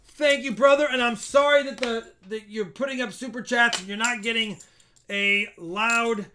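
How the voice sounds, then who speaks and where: A man's voice: very high voice, steady tone, normal speed, sharp tone, a little hiss or hum. A man hosting a livestream in casual, upbeat chat, calling his viewers brother as he goes. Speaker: livestream host. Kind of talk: casual livestream chat while coin roll hunting.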